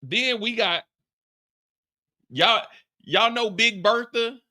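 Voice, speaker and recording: Man, live after-show host, profane rant, lively swooping pitch. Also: slow. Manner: animated, profane ranting.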